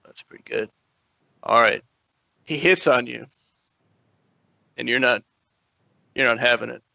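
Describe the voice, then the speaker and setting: A man runs a tabletop game in a relaxed, easygoing way. His voice has a gravelly edge, recorded dry on a dull, lo-fi mic. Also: medium pitch, a little slow, no echo. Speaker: dungeon master. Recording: dull lo-fi dry stream audio.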